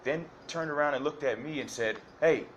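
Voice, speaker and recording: A man's voice: a little high, a little fast, a bit bright, lo-fi sound, slight background noise. A man giving detailed courtroom testimony to a judge, hesitant and repetitive with many fillers and restarts. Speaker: defendant addressing a judge.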